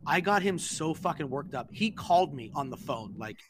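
A man with a fairly high voice tells a rambling story to his podcast co-hosts, swearing often and playing every character in the exchange he recounts. Faint noise sits under the recording. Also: moderate pace. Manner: profane, animated, acts out quoted texts. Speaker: podcast co-host. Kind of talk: casual storytelling among friends.

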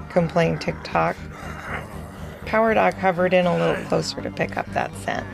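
A woman narrating a children's fantasy story in a playful, unhurried way. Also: lowish voice, expressive, creaky, music in the background.

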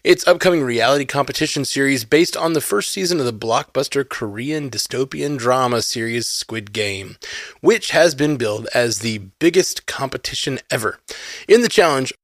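A man's voice: medium pitch, fairly bright tone, no echo, studio quality. A man hosting an entertainment news show, reading items steadily and then chatting casually with co-hosts. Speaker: news host.

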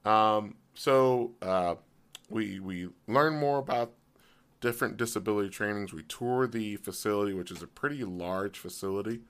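A man hosting a casual solo podcast, his voice hoarse and cracking in and out, rambling with many fillers. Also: moderate pace, a bit bright. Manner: pitch jumps as voice cracks. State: voice partly gone, hoarse. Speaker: podcast host.

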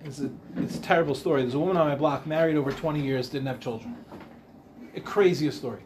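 A man's voice: fairly high pitch, fast, a little mellow, slight background noise. A man, a rabbi, giving an informal Torah class, chatty and rambling, often breaking off to ask the audience questions. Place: Ramat Beit Shemesh.

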